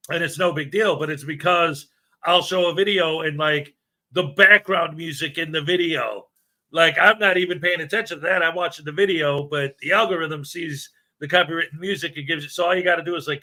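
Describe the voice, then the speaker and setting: Bright, chatty male livestream host. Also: on the high side. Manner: chatty, jokey, greets viewers by name. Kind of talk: casual live-stream chat.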